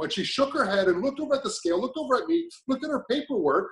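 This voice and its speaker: A man's voice: high voice, expressive, rapid-fire, few pauses. Man telling his story in an echoey room. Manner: rambling, many restarts and fillers. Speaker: client giving a testimonial. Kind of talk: casual testimonial chat.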